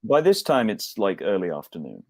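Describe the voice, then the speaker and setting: A man's voice: sits low, sing-song, normal speed, no room sound, studio quality. A man running a tabletop role-playing game, narrating in a rambling, hesitant way with wry asides. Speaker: game master.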